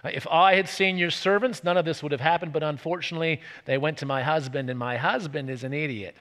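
A man's voice: fairly high pitch, fairly even intonation, fast talker, fairly bright tone, big-room sound, lightly acted. An Australian man quoting a humble woman's apology in a sermon, in his own voice. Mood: apologetic. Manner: apologetic, pleading. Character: humble persuasive woman pleading for peace.

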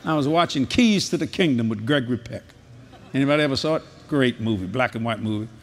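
An older man, preaching a sermon in a folksy, animated storytelling way at a large convention. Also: medium pitch, fast talker.

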